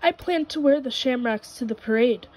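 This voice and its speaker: A woman's voice: high voice, moderate pace, a little mellow, slight background noise, lightly acted, rough recording. Woman doing a polite, easygoing goat. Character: polite, easygoing male goat who eats everything.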